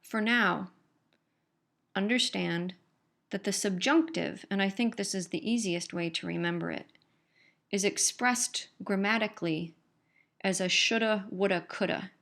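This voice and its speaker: A middle-aged woman delivers a recorded grammar lecture in a patient, explanatory way. She often restates her key points to make them stick. Her voice sits at an ordinary pitch for a woman. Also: unhurried, vocal fry, long pauses, fairly bright tone. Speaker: English instructor.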